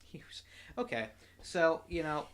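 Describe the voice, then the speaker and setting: A man's voice: fairly high pitch, very animated, measured pace. A man co-hosting a podcast in casual chat, joking and rambling with lots of filler words. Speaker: podcast co-host.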